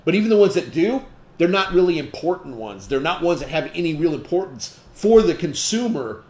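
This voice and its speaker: A man's voice: a little high, very animated, fairly quick, a little mellow. A man giving a training talk to distributors, emphatic, asking the audience rhetorical questions and checking in with frequent "okay?". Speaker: sales trainer. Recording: echoey room.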